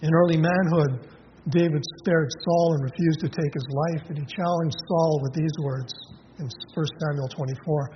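A man preaching a sermon, reading scripture verses aloud in a measured way, then explaining them with pauses and fillers. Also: a little high, steady tone. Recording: lo-fi hall recording with long reverb and faint noise.

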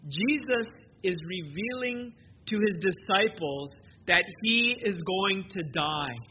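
A male pastor preaching an earnest, emphatic sermon at an evening church service, slowing down to stress key phrases. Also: sits high, lively intonation. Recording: dull lo-fi with clear hiss.

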